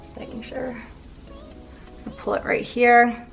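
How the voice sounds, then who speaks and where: A woman's voice: a little high, fairly even intonation, takes it slowly, vocal fry, faint music behind. Chatty young woman giving hair tips. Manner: chatty, with fillers and asides. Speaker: beauty vlogger. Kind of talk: casual hair tutorial.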